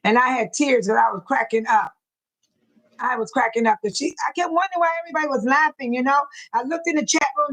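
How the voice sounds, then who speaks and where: A woman's voice: sits high, fairly bright tone, low-quality recording. A woman hosting a livestream, chatting casually to her viewers, repeating herself and laughing often. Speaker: livestream host.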